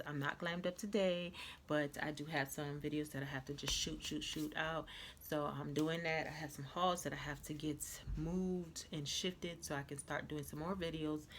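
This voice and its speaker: A woman vlogger with a stuffy nose, chatting casually through a clothing haul, repeating herself and filling pauses with "um". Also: low-pitched, noisy background. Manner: chatty, repetitive, many fillers. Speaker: fashion vlogger.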